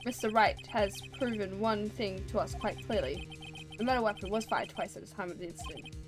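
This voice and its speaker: A woman doing a booming stern old judge. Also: brisk, soft background music, lightly acted. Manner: booming, formal pronouncements. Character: stern older male court judge.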